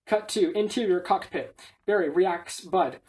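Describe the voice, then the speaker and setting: Woman briskly reading a script aloud. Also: lowish voice, a little mellow. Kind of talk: reading a film script aloud, stage directions included.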